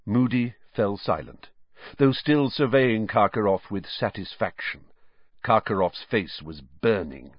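A man narrating an audiobook in an expressive, varied way, on slightly dull audio. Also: on the low side, slightly rough, dry recording. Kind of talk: scripted narration.

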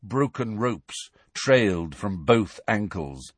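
A male audiobook narrator with a dramatic, shifting storytelling delivery. His voice swings widely in pitch and carries a husky grain. The sound is close and dry with no room around it. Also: expressive, measured pace, no room sound.

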